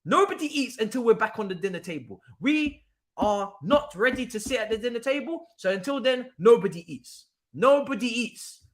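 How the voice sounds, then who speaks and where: His voice is very high-pitched and expressive, and he talks a little fast while hosting a football watchalong. The young man rants casually and emphatically, circling back to the same points and laughing.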